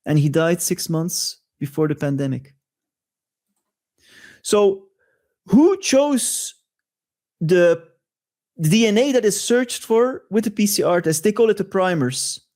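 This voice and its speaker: Male show host, high-pitched, conspiratorial commentary monologue. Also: big pitch swings, slow, long pauses, darkish tone. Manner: conspiratorial, rhetorical asides.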